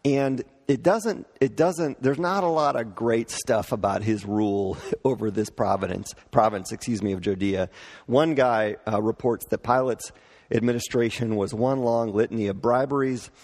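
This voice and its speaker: A man's voice: medium pitch, moderate pace, a little mellow. Man preaching in a reverberant hall. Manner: conversational, explains with asides and light laughs. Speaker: pastor. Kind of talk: sermon.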